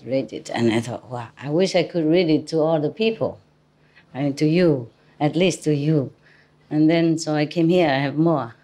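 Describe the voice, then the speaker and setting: A woman spiritual teacher with a low, mellow voice gives an informal talk to an audience. She's chatty and teasing, laughs often, and speaks English that isn't her first language, with non-native phrasing.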